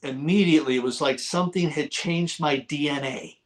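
A middle-aged man being interviewed as a guest author, telling his conversion story with fervor and sometimes shouting as he relives it. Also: fairly high pitch, normal speed. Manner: fervent storyteller, bursts into shouting when reliving moments. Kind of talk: testimony in a talk-show interview.

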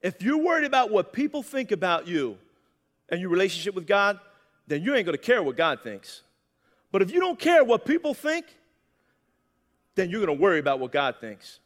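A high-pitched man preaches with lively energy, pausing for amens from his listeners. His voice carries a long reverb, as in a church hall. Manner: animated, calls for "amen". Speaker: pastor. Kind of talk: sermon.

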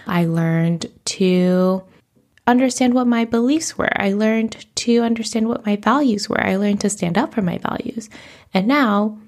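A woman's voice: medium pitch, unhurried, a little mellow. A woman in her thirties hosting a podcast, talking candidly and emotionally about herself, close to tears at times. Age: 30s. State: teary. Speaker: podcast host. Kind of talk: reflective personal monologue.

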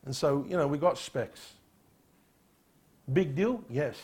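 A man preaching a sermon as a pastor, firing rhetorical questions and dropping quiet on solemn points. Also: fairly high pitch, animated, slow pace, husky.

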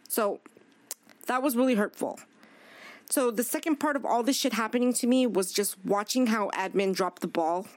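A woman's voice: fairly high pitch, moderate pace, dry recording. A woman chatting casually on a podcast, speaking candidly, swearing freely and acting out what others said. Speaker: podcast guest; chef. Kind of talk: casual chat.

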